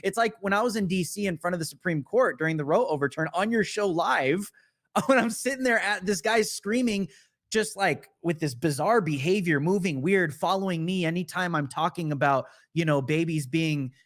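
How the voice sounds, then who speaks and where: A male guest on a talk show who jumps in emphatically, agreeing and then launching into his own account. His voice sits a little high. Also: moderate pace, a bit bright. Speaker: guest commentator.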